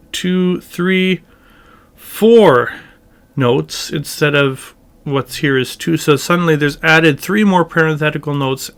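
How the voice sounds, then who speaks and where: A man teaching church chant in a relaxed lesson, explaining syllable emphasis and singing short examples. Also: a little high. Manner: thoughtful, slow, demonstrating chant phrases by singing. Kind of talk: informal music lesson with sung examples.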